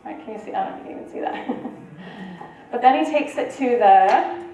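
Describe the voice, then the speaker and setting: At a retreat's meeting room, a woman with a rather high, dark-toned voice gives an animated, brisk, informal talk to a live audience, conversationally checking in with her listeners as a conference presenter. The room is very echoey, her voice sounds far off, and there's faint ambience.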